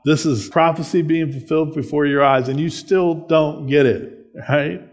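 A man's voice: fairly high pitch, steady tone, normal speed, lightly acted. A man acting out Jesus rebuking the scribes and Pharisees, emphatic and challenging, with his voice raised. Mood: chiding.

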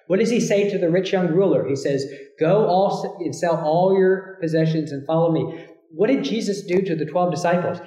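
A man's voice: fairly high pitch, a little mellow, roomy sound, rough recording. A man preaching a sermon, emphatic, often restarting phrases and rising sharply when he quotes scripture.

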